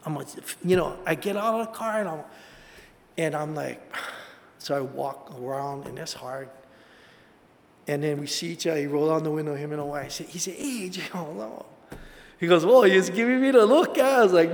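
A man delivers a sermon, his voice sitting high for a man. He tells stories in an animated, conversational way, dropping slang like "bro". A long reverb trails each phrase, as from a large hall. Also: moderate pace, creaky. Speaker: preacher.

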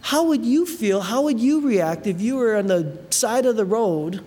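A preacher giving an animated sermon, retelling a Bible story with many asides and fillers. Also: medium pitch, moderate pace. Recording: long hall reverb, faint noise.

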